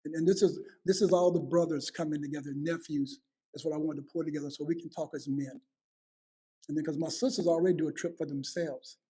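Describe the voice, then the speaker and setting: A man's voice: on the high side, steady tone, quick pace, mellow, breathy edge. A man in his fifties hosting a heartfelt family conversation, earnest, often repeating words as he starts a thought. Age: 50s. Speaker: host.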